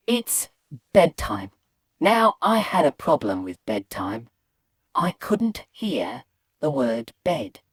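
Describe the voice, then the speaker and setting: A woman animatedly telling a comic childhood story, shifting from hushed asides to loud excited bits. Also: low voice, takes it slowly, slightly rough, no room sound, clean studio sound. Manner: lively, swings between hushed and loud bits.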